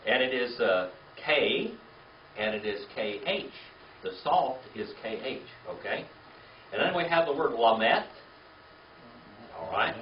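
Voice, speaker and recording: A man's voice: mid-range voice, expressive, a little slow, long pauses, far from the mic, slight background noise. A man teaching a Bible class to a live group, patient and methodical, forever checking that his listeners follow. His voice is picked up from well back in an echoing room, and the recording is dull and lo-fi. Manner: patient, checks in with "okay?" and "all right?". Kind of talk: classroom lecture. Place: church classroom with a live audience.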